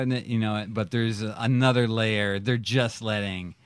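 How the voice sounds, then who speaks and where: A man on a podcast telling a personal story in casual chat, acting out his own past reactions with sudden jumps in pitch. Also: fairly even intonation, normal speed, few pauses, clear, resonant tone, no room sound. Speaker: podcast guest.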